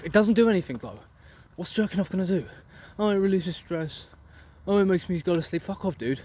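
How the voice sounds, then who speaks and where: A man's voice: sits high, expressive, fairly quick. A young man giving a blunt, profane motivational rant outdoors for his vlog. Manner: intense, profane, preachy. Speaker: vlogger. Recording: loud street traffic noise.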